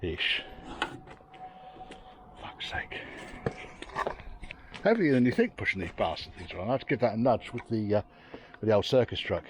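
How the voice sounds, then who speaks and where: A man with a fairly low voice gives casual running commentary outdoors in the rain. He sounds worn out, mutters to himself, swears freely and drops dry asides. Faint noise sits behind him. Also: very animated, normal speed, long pauses. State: tired and soaking wet. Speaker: classic car restorer vlogger.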